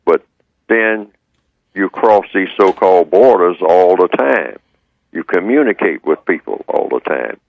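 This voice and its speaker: A man, the guest on a radio show, explaining his ideas in a measured way and repeating his points. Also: low-pitched, lively intonation, gravelly, dry recording, muffled recording. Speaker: guest speaker.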